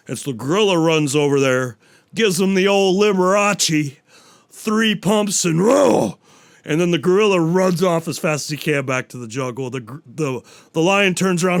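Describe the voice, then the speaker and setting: Brief: a profane, rambling podcast host with a slightly high voice. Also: male voice, normal speed, smooth.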